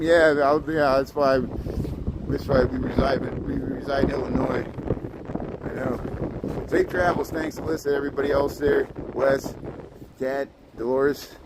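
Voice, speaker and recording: A man's voice: mid-range voice, fairly even intonation, measured pace. A man hosting a casual livestream while walking a city street at night, chatting loosely and thanking viewers by name with easy laughs. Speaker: livestream host. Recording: wind noise on the mic outdoors.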